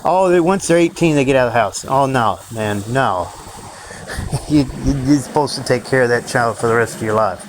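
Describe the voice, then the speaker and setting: A man's voice: medium pitch, noisy background. A man ranting in a rambling, profane monologue to his own channel, drifting from thought to thought. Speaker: vlogger.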